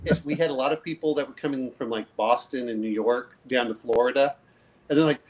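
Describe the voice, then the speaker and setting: A man's voice: medium pitch, fairly quick, poor audio. Rambling man hosting a livestream chat. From southern US. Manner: rambling, restarts sentences, laughs often. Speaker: livestream host. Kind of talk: casual group chat.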